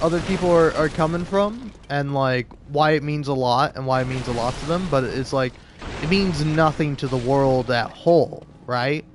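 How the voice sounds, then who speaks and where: A young man musing aloud while playing a game, halting and rambling with frequent filler words and restarts. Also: a little high, a little hiss or hum. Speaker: gaming video creator.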